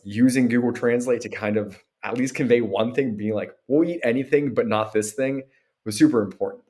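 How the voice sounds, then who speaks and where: American man telling travel stories as a podcast guest. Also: medium pitch. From Pennsylvania, USA. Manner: relaxed storytelling with acted-out quotes. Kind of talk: casual conversational interview.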